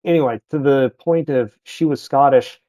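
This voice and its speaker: A man's voice: medium pitch, moderate pace, dark tone, no echo. A man, chatting casually as a podcast guest about his travels, rambling and correcting himself as he goes.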